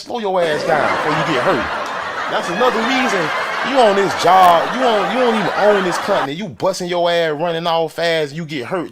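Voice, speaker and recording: A man delivering a loud, profane, mocking comedic rant on a desk mic with a soundboard. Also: medium pitch, background noise. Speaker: comedic commentator.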